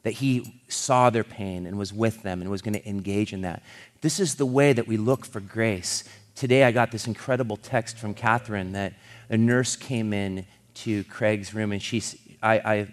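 A middle-aged man from California, a pastor, telling a story in a sermon, earnest and halting, with frequent restarts, and he swells louder as he builds a point. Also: on the low side, steady tone.

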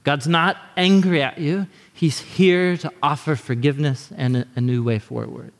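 A man preaching a sermon as pastor, in an animated, conversational way, sometimes acting out quick voices. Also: fairly high pitch, creaky, big-room sound.

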